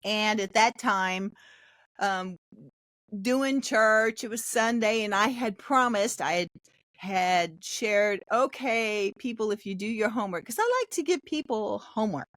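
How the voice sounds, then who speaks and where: A woman's voice: mid-range voice, measured pace, dry recording, clean studio sound. An older woman pastor, a podcast guest, telling a faith testimony in a casual interview and animating the people in her story. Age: 60s. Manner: animated storyteller acting out quoted voices.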